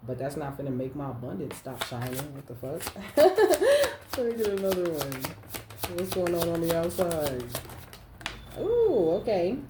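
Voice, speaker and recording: A woman's voice: fairly low pitch, huge pitch swings, a little slow, noisy background. A woman giving a casual spiritual card reading, blunt and profane, often laughing and ending lines with "okay?". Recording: roomy echo.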